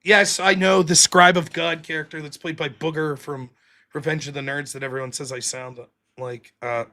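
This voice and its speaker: A man's voice: fairly high pitch, moderate pace. A man with a Pittsburgh accent, hosting a live stream and rambling casually with swearing. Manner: rambling, profane, lively. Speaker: livestream host.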